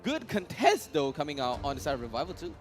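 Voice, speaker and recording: A man's voice: a little high, huge pitch swings, quick pace, music in the background. A man with a Singaporean English accent giving casual, joking color commentary on a mobile game match. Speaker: esports co-caster.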